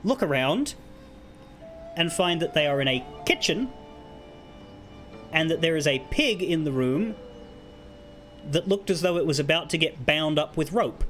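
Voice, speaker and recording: Higher-voiced man, lively casual storyteller, faint music under him. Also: a little slow, pauses often. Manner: animated, profane, conversational. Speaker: streamer.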